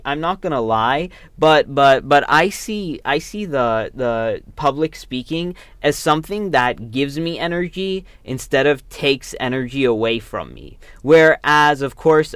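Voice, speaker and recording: A young adult man hosting a college radio show, giving his opinions in a halting way, with many repeated words and tangents. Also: medium pitch, a bit bright, clear, resonant tone, no room sound. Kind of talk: solo opinion talk on radio.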